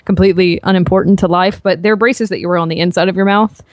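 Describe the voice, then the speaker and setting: A woman with a softened Southern US accent, talking as a guest on a podcast, rambling with many fillers and restarts. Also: fairly low pitch, fairly even intonation, quick pace. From American South. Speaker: guest, author and fitness coach. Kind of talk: casual podcast interview. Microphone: podcast microphone.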